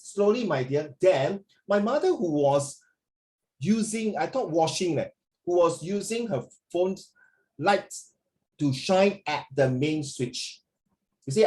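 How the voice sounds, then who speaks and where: A man's voice: a little high, darkish tone, rough recording. A man teaching an online lesson over a video call, playful and teasing as he corrects a student and calls him "my dear".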